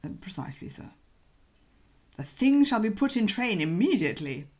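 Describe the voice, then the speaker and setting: A woman voicing a deferential male valet, calm and formal, with a measured, soft delivery in an audiobook reading. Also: medium pitch. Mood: unflappable.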